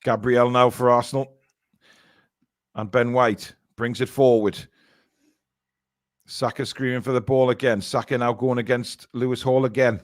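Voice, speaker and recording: A man commentating live on a football match as a fan and co-host, excitable and blunt, sometimes swearing. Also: mid-range voice, normal speed, long pauses.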